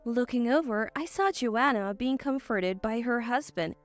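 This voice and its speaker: A woman narrating a family drama story in the first person, in a steady storytelling manner. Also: fairly high pitch, a little slow, soft background music.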